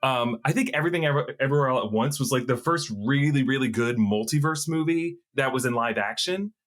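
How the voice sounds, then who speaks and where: A man in a loose, casual conversation about films, talking at a mid-range pitch. He rambles, fills gaps with "like" and circles back to restart his thoughts. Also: fairly quick, fairly bright tone. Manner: rambling, filler-heavy, frequent "like" and restarts. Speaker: co-host. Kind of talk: casual pop-culture discussion.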